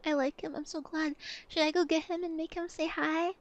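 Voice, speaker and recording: A woman streamer in casual livestream chat, playful and chatty as she answers her chat, often dropping to a soft, quiet voice. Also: high-pitched, little pitch movement, a little fast, dull audio.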